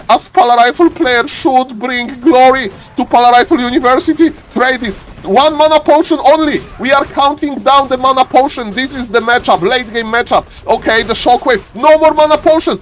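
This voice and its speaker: Excitable man casting a strategy game. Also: slight background noise. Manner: excitable, swings from calm chatter to high-pitched shouting; repeats words in bursts, talks straight to viewers. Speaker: game caster and streamer. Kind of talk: live esports commentary.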